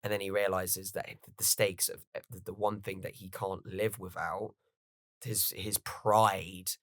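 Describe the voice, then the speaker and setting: A man hosting a podcast, chatting casually and excitedly as a fan, swearing freely. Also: sits low, unhurried, no echo, studio quality. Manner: animated, swearing, fan enthusiasm. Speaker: podcast host. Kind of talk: casual chat.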